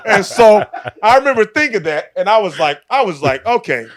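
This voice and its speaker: Male comedian, 30s, podcast guest, animated storyteller who acts out the voices in his tale, slightly higher pitch. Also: normal speed, a crowd in the background. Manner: acts out other people's voices, laughs through the story.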